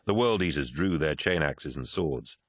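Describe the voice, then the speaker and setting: A man narrates an audiobook in a very low, deep voice. His reading is measured and grave. The sound is dry and close to the mic, with no room around it. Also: expressive, no echo. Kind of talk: scripted narration.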